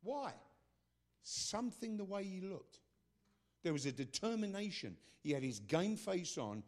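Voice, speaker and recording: Older man, preacher, high-ish voice, forceful sermon delivery with loud bursts and low asides. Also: sing-song, measured pace.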